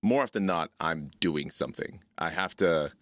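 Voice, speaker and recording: Brief: deep-voiced male podcast host in his thirties, chatty and quick to laugh, dry close recording. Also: no room sound. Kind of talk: casual podcast chat.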